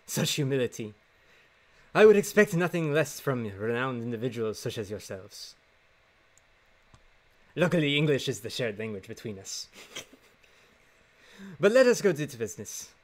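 A man's voice: medium pitch, very animated, moderate pace, pauses often, natural voice. A man voicing a flamboyant male fox prince with a put-on Spanish accent, speaking in a grand, courtly way.

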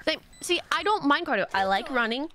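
A woman's voice: high voice, expressive, brisk, sharp tone. A young woman streaming a game, chatting casually and reacting to her chat in a bubbly way. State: out of breath. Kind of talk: casual chat while gaming.

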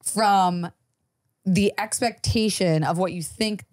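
A woman telling a personal story as a podcast guest in casual chat, animated and swearing freely. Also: on the low side, normal speed, no room sound, clean studio sound.

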